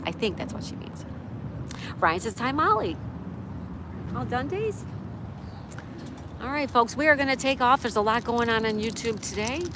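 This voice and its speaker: A woman with a voice on the high side speaks fairly quickly during an outdoor live stream by a town road. She chats casually, reads chat messages aloud and tends her dog, with clear street and vehicle traffic noise in the background.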